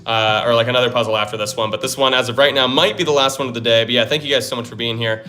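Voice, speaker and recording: A man's voice: mid-range voice, steady tone, rapid-fire, pushed and bright. A young man hosting a casual live stream, thinking aloud while he solves puzzles and hyping himself up when they click. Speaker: livestream host. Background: faint lo-fi music.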